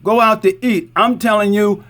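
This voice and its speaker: A man's voice: high-pitched, fairly even intonation, moderate pace, fairly bright tone. A middle-aged man from Newark, an imam telling a community story in a conversational way, repeating points and checking in with "right?". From Newark, New Jersey. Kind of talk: community talk with show-and-tell.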